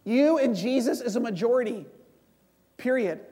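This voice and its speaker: A man's voice: extremely high pitch, lively intonation, normal speed, mellow, breathy edge, long reverb tail. A man preaching a sermon to a congregation, in a conversational style, leading prayer and acting out bits of dialogue.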